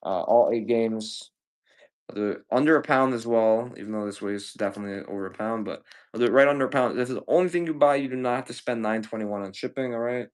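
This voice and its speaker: A man selling used games on a livestream, rambling casually with profane jokes and shout-outs to chat. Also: mid-range voice, quick pace. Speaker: live sale seller.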